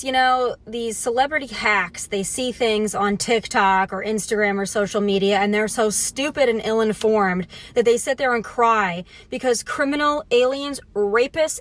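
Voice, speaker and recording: A woman giving political commentary in a scornful, mocking manner. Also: a little high.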